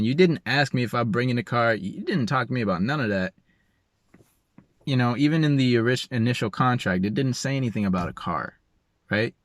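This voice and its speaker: A young man casually telling a personal story in an emotional, animated way with slangy, informal speech. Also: mid-range voice, no echo, studio quality.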